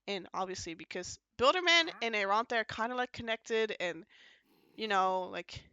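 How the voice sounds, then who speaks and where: Podcast host, casual rambling storyteller, bright crisp tone, dry close sound. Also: mid-range voice, expressive, normal speed, dry recording, highs cut off. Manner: rambling, filler-heavy storytelling that jumps between points; acts out quoted lines in shifting voices. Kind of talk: casual podcast recap of a roleplay event.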